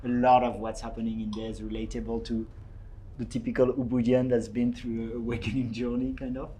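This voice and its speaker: A man's voice: medium pitch, little pitch movement, a little fast, dark tone, slight background noise, poor audio. A man hosting a podcast in a casual chat, enthusiastic and appreciative. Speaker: podcast host.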